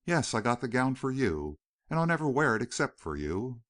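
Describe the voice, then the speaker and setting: A man's voice: medium pitch, sing-song, normal speed, a bit bright, voice pushed up. A male narrator voicing a proud, coquettish young city woman in an audiobook. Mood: poised.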